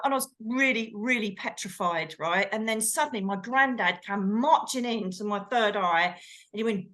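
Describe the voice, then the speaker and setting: A woman co-hosting a chat show, telling a story in an animated way and acting out the quotes. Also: fairly high pitch, normal speed. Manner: animated, acts out quotes, exclaims. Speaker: co-host, medium.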